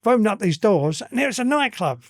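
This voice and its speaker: Give me an older man with an East London accent, a fairly high voice, telling earthy stories bluntly. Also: sing-song, fast talker, no room sound, studio quality. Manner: blunt and earthy, swears freely. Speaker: guest. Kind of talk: casual storytelling.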